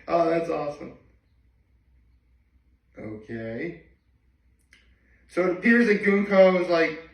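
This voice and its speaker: A man casually reading through a manga chapter and reacting as he goes, chatty and excitable. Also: on the high side, roomy sound, recorded from a distance, low-quality recording. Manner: chatty, excitable, reads lines in quick voices.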